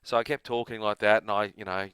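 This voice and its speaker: Bright, clear Australian man. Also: lowish voice, fairly even intonation, fast, dry recording. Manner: rambling, self-amused anecdote telling. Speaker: gaming channel host. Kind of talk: casual storytelling vlog.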